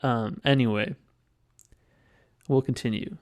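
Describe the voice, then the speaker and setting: A man from Western Canada with a Western Canadian accent, giving casual live-stream commentary in a rambling, halting, musing way. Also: mid-range voice, fairly even intonation, a little mellow. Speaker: streamer reacting to clips.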